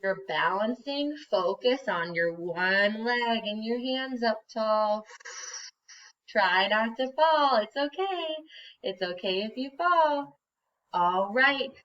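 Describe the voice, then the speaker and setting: A woman teacher reading a picture book aloud to children and guiding them through yoga poses, gentle and encouraging. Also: on the high side, lively intonation, muffled recording. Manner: slow, gentle and encouraging, prompting children to join in.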